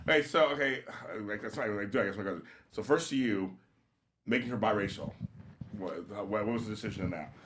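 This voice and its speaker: A man hosting a casual interview, chatty and quick to laugh. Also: lowish voice, a bit bright, a little hiss or hum. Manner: fast, chatty, laughs easily. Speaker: host.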